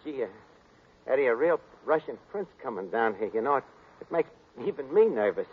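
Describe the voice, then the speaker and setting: An actor playing a brash, wisecracking male tavern manager who talks fast and mangles his grammar, in 1940s radio sitcom acting. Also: mid-range voice, sing-song, faint music behind, close to an everyday voice. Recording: lo-fi 1940s radio broadcast, studio audience laughter, hiss.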